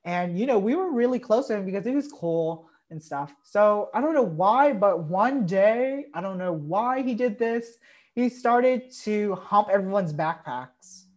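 A woman's voice: medium pitch, expressive, a little slow, darkish tone. A young woman hosting a podcast, talking casually with lots of fillers. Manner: chatty, frequent fillers and backchannels. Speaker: podcast host. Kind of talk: casual chat.

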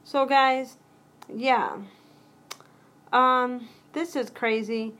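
A chatty woman hosting a solo podcast, her voice a bit higher than most. She rambles from thought to thought and breaks off her own sentences with quick asides. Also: fairly even intonation, fairly bright tone. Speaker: podcast host. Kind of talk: casual solo podcast talk.

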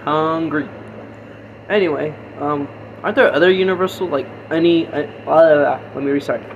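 A man's voice: fairly high pitch, brisk, muffled recording. A young man with a slightly raised voice who jumps into the talk eagerly and trails off mid-thought, now and then chewing as he speaks. A faint noise sits under the recording. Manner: excitable, trailing off, eating while talking. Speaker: podcast co-host. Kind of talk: casual podcast chat.

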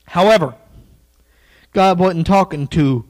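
A man preaching a sermon in a folksy, joking way, dropping into quiet asides. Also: sits high, animated, measured pace, low-quality recording.

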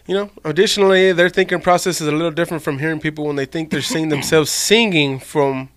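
A middle-aged man from the United States chats loosely, laughing and swearing. His voice sits on the high side. The sound is dry and close. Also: quick pace, dry recording. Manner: loud, laughing, profane. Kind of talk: casual chat.

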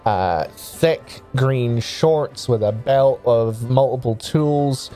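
A man runs a tabletop game, narrating scenes in meandering, filler-laden descriptions. His tone is dark and mellow, and quiet music plays underneath. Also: mid-range voice, slow pace. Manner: rambling, hesitant descriptions with many fillers. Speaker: game master.

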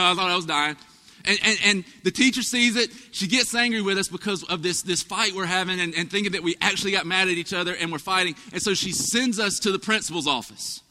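A man's voice: sits high, sharp tone, big-room sound. A male pastor preaching a sermon, telling folksy stories with asides to his congregation. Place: church sanctuary.

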